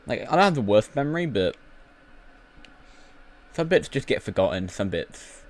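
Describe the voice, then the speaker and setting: A man's voice: mid-range voice, big pitch swings, normal speed, a little mellow. A British man who is a YouTuber, rambling through casual gaming commentary full of fillers and restarts.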